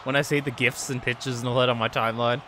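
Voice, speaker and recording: A man giving live stream commentary on a wrestling video game, excitable, swearing and laughing often, swinging between yelling and muttering. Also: mid-range voice, fast talker, background noise.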